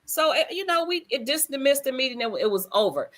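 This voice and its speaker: A woman tells a story in a relaxed conversation, her voice pitched a little high. She talks with animated, emphatic energy and slips into the voices of the people she quotes. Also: brisk. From United States. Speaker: guest telling a story. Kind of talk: casual storytelling chat.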